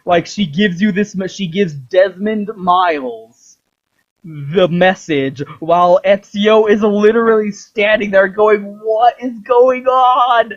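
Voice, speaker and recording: A man's voice: high-pitched, takes it slowly, lo-fi sound. A young man hosting a rambling video about games. He swears freely and acts out the lines he quotes. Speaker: video host. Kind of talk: rambling game commentary.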